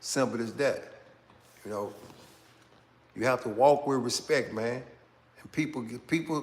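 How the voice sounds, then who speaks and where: A middle-aged man hosting his channel, talking in a slow, casual street style and tagging phrases with "man" and "right?". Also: medium pitch. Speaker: channel host. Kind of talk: casual commentary monologue.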